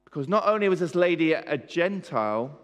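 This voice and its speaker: Male preacher, slightly high voice, emphatic and questioning, church-hall reverb. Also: expressive, brisk. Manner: emphatic, asks the audience questions. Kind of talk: sermon.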